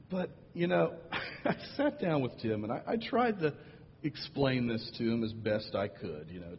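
A man's voice: medium pitch, sing-song, moderate pace, slight background noise. Man preaching in a reverberant hall. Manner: storytelling with acted quotes, dry humor. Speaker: pastor. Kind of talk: sermon story. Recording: dull audio with long hall reverb.

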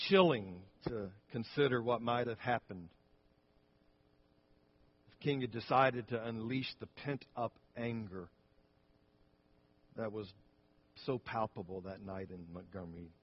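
A man's voice: fairly low pitch, a little slow, long pauses, slightly rough, lo-fi sound. A man pastor preaching a sermon, telling a story earnestly and often restarting his phrases.

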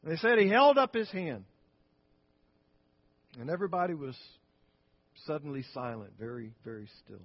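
A man's voice: a little high, very animated, moderate pace, pauses often, dull audio. A man pastor preaching a sermon, telling a story earnestly and often restarting his phrases.

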